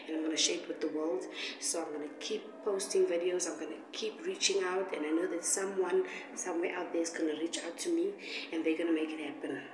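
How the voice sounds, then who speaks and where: A woman's voice: lowish voice, noisy background. Earnest woman, distant and roomy. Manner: earnest, determined, preachy encouragement. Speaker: street singer. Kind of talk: motivational vlog address. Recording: roomy, distant mic with faint street ambience.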